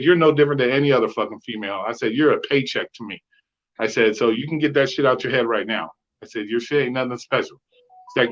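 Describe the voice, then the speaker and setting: A man co-hosting a podcast, telling rideshare stories in a profane, animated way and acting out the dialogue. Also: mid-range voice. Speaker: podcast co-host, rideshare driver. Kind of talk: casual chat, storytelling. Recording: slightly dull lo-fi sound.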